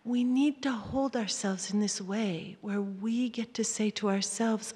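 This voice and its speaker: Woman workshop speaker, gentle, soft near-whispers, husky tone, echoing hall. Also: mid-range voice, steady tone, measured pace, few pauses. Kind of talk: live talk to an audience. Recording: hall reverb.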